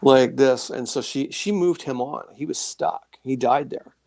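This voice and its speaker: A male interview guest telling stories in a relaxed, rambling way, full of fillers and self-corrections. His voice has a gravelly creak to it, and the recording is close and dry, with no room sound. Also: mid-range voice, measured pace, no room sound. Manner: rambling, animated anecdotes with many fillers and restarts. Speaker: guest author sharing paranormal experiences. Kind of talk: casual storytelling interview.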